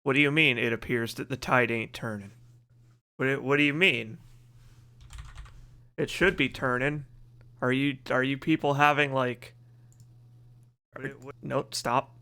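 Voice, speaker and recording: A male game streamer with a bright, forceful voice of middling pitch. He rambles and jokes in loose, casual live-stream chat, reacting to his viewers as he goes. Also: fairly even intonation, a little slow, pauses often.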